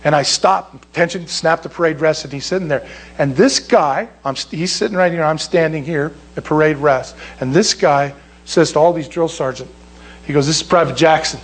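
Animated high-voiced older man preaching. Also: moderate pace, breathy edge. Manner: animated, emphatic, rises sharply when stressing a point. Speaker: pastor. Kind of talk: sermon storytelling.

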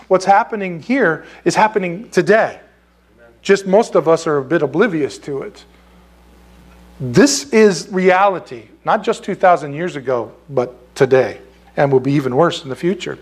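A man preaching a blunt, impassioned sermon, full of rhetorical questions, in an air-conditioned church. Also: sits high. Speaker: pastor.

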